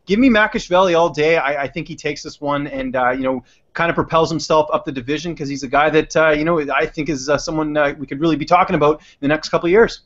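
A man co-hosting a casual fight-picks chat, giving quick, decisive picks. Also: fairly high pitch, fairly bright tone. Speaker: MMA podcast co-host. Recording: lo-fi muffled audio.

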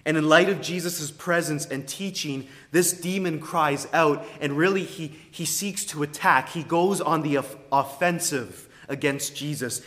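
Slow, deliberate male preacher in a reverberant hall. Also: sits high. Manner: emphatic, deliberate preaching with wide swings in loudness. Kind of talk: sermon. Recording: long reverb of a large hall.

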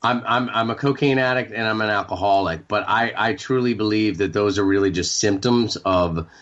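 A man in his forties from Maine, a radio show guest talking candidly, halting and repeating words with many fillers. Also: lowish voice, fairly bright tone, dull audio. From Maine, United States. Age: 40s. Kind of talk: candid interview talk.

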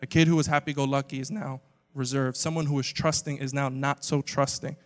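A young man preaching a sermon to a live audience, talking casually with many "like"s and swinging between quiet stretches and loud emphatic bursts. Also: mid-range voice, little pitch movement, a little fast. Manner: casual and conversational, peppered with "like". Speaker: pastor. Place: live church auditorium with an audience. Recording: long reverb of a large hall.

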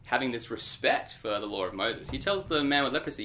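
A man co-hosting a church podcast, explaining Bible passages in a lively, teacherly way. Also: mid-range voice, brisk, slight background noise. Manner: explanatory, animated. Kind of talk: podcast discussion.

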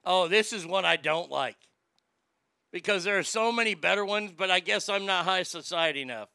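A man's voice: high voice, normal speed, gravelly, clean tone, no room sound, studio quality. A man streaming casually, mocking etiquette advice with a crude, sarcastic, profane manner. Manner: animated, jumps into loud shouts. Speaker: streamer reacting to etiquette tips.

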